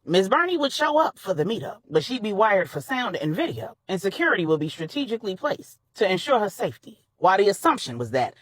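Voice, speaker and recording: A woman narrating a grown-up bedtime story in a colloquial, animated way. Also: mid-range voice, a little fast, hardly any pauses, dry recording, rough recording.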